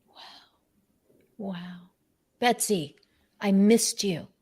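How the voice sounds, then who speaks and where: A woman's voice: mid-range voice, extremely slow, a little mellow, breathy edge. A woman hosting an unscripted video-call conversation, talking effusively and with enthusiasm. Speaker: host.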